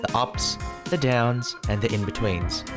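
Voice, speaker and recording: A man's voice: lowish voice, a little slow, over music. A man narrating a scripted self-introduction for his channel, playful and earnest. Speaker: streamer introducing himself.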